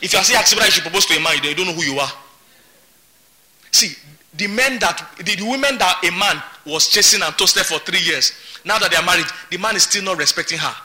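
A man's voice: high voice, fast talker, sharp tone. A man preaching a sermon as pastor, emphatic and repeating his words. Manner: emphatic, repeats words, laughs between points.

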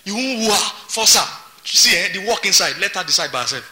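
A man's voice: sits high, lively intonation, fast, sharp tone. A man preaching a sermon as pastor, emphatic and repeating his words. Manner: emphatic, repeats words, laughs between points.

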